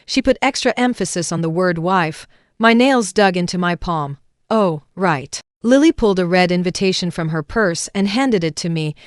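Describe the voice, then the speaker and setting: Woman reading a first-person drama story, calm, smooth clear voice, dry close sound. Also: on the low side, moderate pace, no room sound. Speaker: narrator.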